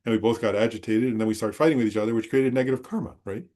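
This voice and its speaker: This dharma talk comes from a Buddhist teacher whose fairly low, mellow voice moves very fast. He rambles loosely through a personal story and regularly checks whether people are following.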